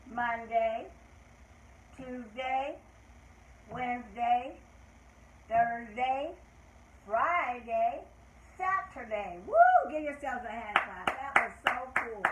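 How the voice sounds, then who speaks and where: Slow, patient older woman teaching kids. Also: on the high side. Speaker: children's show host teaching calendar. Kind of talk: live children's lesson. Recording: echoey room with faint background noise.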